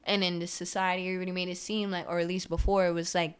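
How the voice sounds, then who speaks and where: A woman's voice: on the low side, little pitch movement, racing, clean tone. A young woman from New York, a podcast guest, rambling in casual slangy chat and cussing freely.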